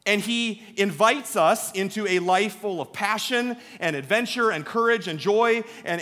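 Male pastor, 30s, storytelling sermon, emphatic and chatty, higher voice, reverberant sanctuary. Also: sharp tone. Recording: long hall reverb.

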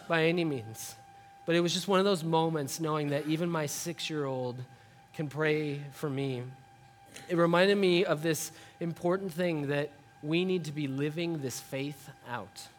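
Soft background music plays as a high-pitched pastor in his thirties preaches from the front of a church sanctuary at a normal pace. Animated and dramatic, he shifts between quiet, hushed delivery and sudden shouting while acting out his story for the congregation.

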